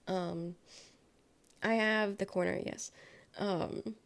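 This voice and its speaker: A woman's voice: mid-range voice, steady tone, takes it slowly, creaky. A sick young woman with a nasal, congested voice, rambling casually as a livestreamer from her bedroom. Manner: rambling, trailing off, self-correcting. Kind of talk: casual chat. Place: her bedroom with bare walls.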